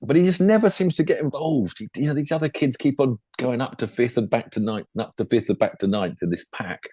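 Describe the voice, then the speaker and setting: An older man and former racing driver co-hosts a podcast, talking casually about motorsport in an animated, husky, slightly mellow mid-range voice at a somewhat fast pace. He's chatty and rambling, full of asides.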